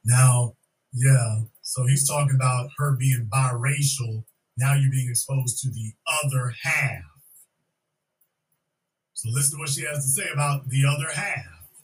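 A man's voice: medium pitch, a little slow, far from the mic, poor audio. A man hosting a podcast, giving blunt, slangy commentary on clips and repeating his points. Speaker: podcast host.

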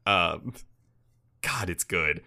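A man's voice: sits low, animated, drawn-out words, creaky, sharp tone. A man co-hosting a podcast, chatting casually about an anime episode, laughing often and swearing freely as he rambles. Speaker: podcast co-host.

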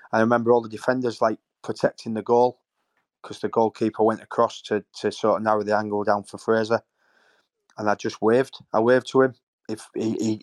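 A man's voice: lowish voice, no echo. A man, a former footballer telling stories in a rambling, emotional way. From Hull, England. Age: 50s. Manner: rambling, repeats words, emotional. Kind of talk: casual storytelling interview.

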